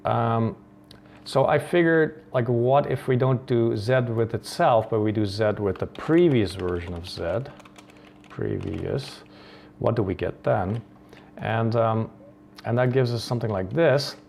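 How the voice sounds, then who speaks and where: A man's voice: medium pitch, a little slow, creaky, darkish tone, slight background noise. A man from the Netherlands hosting a coding tutorial, thinking aloud with many ums and restarts. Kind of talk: screen-recorded coding tutorial.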